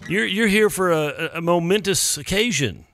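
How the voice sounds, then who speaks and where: A man's voice: sits high, expressive, moderate pace, fairly bright tone, dry recording, clean studio sound. A man in his fifties hosting a live music stream, chatting in a playful, goofy, rambling way. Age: 50s. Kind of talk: casual live-stream chat.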